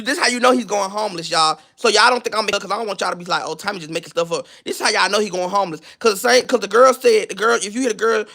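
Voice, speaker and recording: Here the gossip host's voice is high-pitched, gravelly, pushed and bright. His rant mocks bluntly and profanely, doubling back on its wording as he repeats and restarts lines while trying to find a video.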